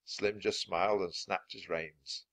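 A man reading a children's chapter book aloud, with clear, expressive narration. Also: deep voice, unhurried. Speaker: storybook reader.

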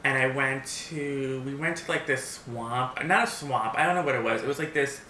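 A man's voice: mid-range voice, moderate pace, pushed and bright, a little hiss or hum. A man of about thirty chatting casually on his vlog, telling stories with lots of fillers and restarts. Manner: rambling storyteller, many restarts and fillers. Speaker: mukbang vlogger. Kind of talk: casual chat. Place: home, seated eating at a table. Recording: roomy echo.

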